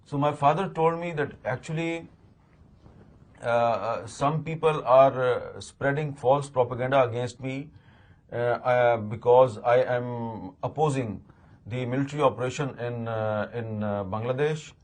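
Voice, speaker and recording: A man's voice: medium pitch, unhurried. Hesitant Pakistani man telling a story. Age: 50s. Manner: hesitant, with many uh's and repeated words; acts out remembered dialogue. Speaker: interview guest. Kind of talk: personal storytelling in an interview.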